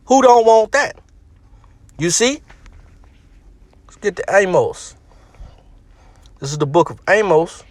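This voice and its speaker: A man's voice: high voice, no echo. A man teaching scripture in a street-style Bible lesson, emphatic and full of asides like "man" and "all right".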